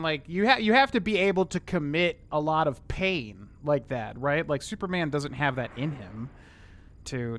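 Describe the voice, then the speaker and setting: A man's voice: on the high side, a bit bright. A young man casually chatting with viewers while streaming a game, rambling with many fillers. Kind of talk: casual gameplay commentary.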